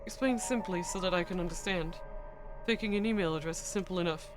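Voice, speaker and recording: A woman voicing a serious male investigator in a visual novel, measured and explanatory, a little lower and quieter than her own voice. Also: faint music behind, close to an everyday voice.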